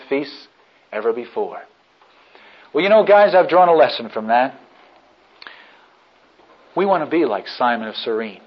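Male preacher with a slightly high voice, retelling a scene with hushed lows and loud peaks, on a dull old recording. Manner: dramatic storytelling, swings from hushed to shouting. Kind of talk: sermon.

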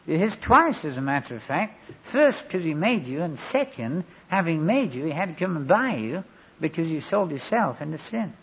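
A preacher with a husky, breathy voice that sits fairly high for a man. He delivers his sermon with a wry, anecdotal humour, and the recording sounds dull and lo-fi. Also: big pitch swings, moderate pace, a bit bright. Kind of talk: sermon with storytelling.

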